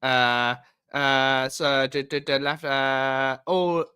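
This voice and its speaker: A man's voice: medium pitch, flat delivery, extremely slow, bright, forceful tone, clean tone. A man from England hosting a casual livestream, greeting chat viewers in a rambling, repetitive way. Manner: chatty, rambling, repeats phrases. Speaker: livestream host. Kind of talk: casual live chat reading viewer comments. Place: home.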